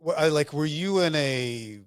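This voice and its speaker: A man's voice: on the high side, lively intonation, a little slow, clear, resonant tone, no echo, clean studio sound. A man hosting a podcast in casual interview talk, asking rambling, self-interrupting questions. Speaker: podcast host.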